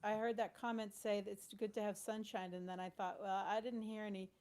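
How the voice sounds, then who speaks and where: A woman singer chatting softly and hesitantly between songs during a live stream, with many fillers. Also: mid-range voice, flat delivery, fairly quick. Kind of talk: casual chat between songs. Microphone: home live stream setup. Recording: guitar accompaniment throughout.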